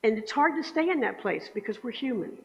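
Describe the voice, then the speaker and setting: This Sunday sermon comes from a woman whose fairly high, gravelly voice is animated and fairly quick, with slight background noise. Chatty and conversational, she regularly asks the congregation whether they agree. The church hall is echoey and the recording sounds dull and lo-fi.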